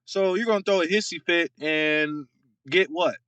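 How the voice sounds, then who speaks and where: A young man talks through a casual football podcast rant in a bright, rather high voice. He is dry and close to the mic, and he keeps circling back with fillers and repeated words. His tone is mocking and exasperated. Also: normal speed, dry recording, lo-fi sound. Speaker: podcast co-host.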